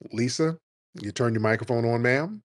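A man's voice: mid-range voice, normal speed, no echo, clean studio sound. A man hosting a call-in radio show, blunt and mocking, with a profane, confrontational way of talking.

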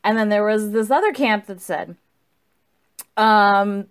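A woman's voice: medium pitch, slow, pauses often, clear, resonant tone. A tipsy woman rambling through a casual, profane book review and correcting herself as she goes.

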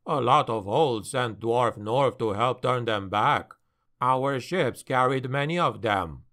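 A man's voice: medium pitch, slow, fairly bright tone. A man voicing a blunt, weathered male dwarf sailor who talks in a matter-of-fact way, for an audiobook.

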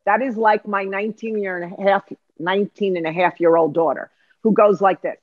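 A middle-aged woman, an executive life coach, explaining ideas in an emphatic, lively way on a podcast. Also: mid-range voice, a little fast, no echo, highs cut off. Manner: emphatic, lively, acts out voices. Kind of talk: animated teaching in conversation.

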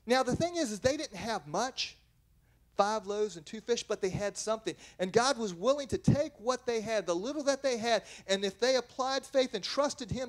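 A man preaching a sermon as pastor, earnest and plain-spoken, reading scripture and then explaining it, often restarting his sentences. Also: sits high. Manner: earnest, with frequent restarts and self-corrections.

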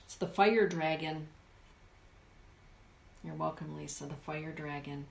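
A woman's voice: low voice, takes it slowly, gravelly, reverberant. A woman hosting a live stream, reading oracle cards and reflecting aloud as she addresses her chat viewers by name. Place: indoor room with a forest view.

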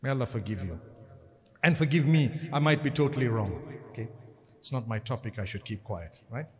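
A man's voice: medium pitch, lively intonation, brisk. A man giving a sermon, mixing jokes and conversational asides with pious interjections. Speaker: Islamic preacher. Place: lecture hall. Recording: long hall reverb.

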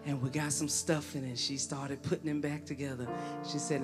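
A woman tells a tender story about her mother at a memorial service. She speaks gently and fondly. Guitar music plays clearly behind her. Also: very deep voice, little pitch movement, moderate pace. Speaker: daughter giving a tribute.

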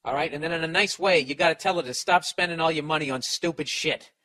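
A man's voice: a little high, fast, sharp tone, low-quality recording. A man hosting a podcast, giving blunt, profane advice in a sarcastic rant.

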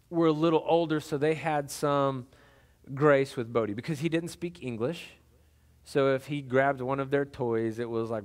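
A middle-aged male pastor delivers a sermon in a conversational, folksy style, with lots of fillers and restarts. His voice is medium in pitch.

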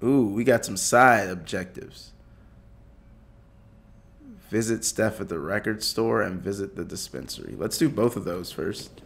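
A man's voice: on the low side, measured pace, vocal fry, pauses often. A young man casually commentating a story video game for viewers, joking and chatting to them. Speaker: gaming YouTuber. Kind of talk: let's play commentary.

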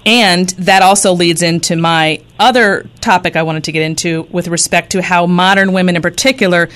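Low-voiced woman hosting a radio talk show. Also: fairly even intonation, moderate pace, fairly bright tone. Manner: hesitant, many ums and restarts, earnest. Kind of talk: radio interview.

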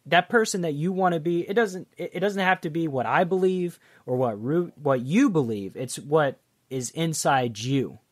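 A man's voice: fairly high pitch, normal speed. Earnest male podcast host. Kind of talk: podcast interview.

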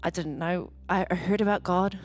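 A woman's voice: on the low side, fairly even intonation, normal speed, soft background music. A woman pastor gives a conversational sermon in a church hall, laughing often and acting out what people said. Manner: chatty, laughs often, acts out what others said.

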